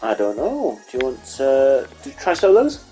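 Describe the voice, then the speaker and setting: A man's voice: medium pitch, huge pitch swings, normal speed, dark tone, faint music behind. A man chatting and joking casually with a friend while streaming a game. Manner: joking, teasing and playful. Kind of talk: casual gaming stream chat.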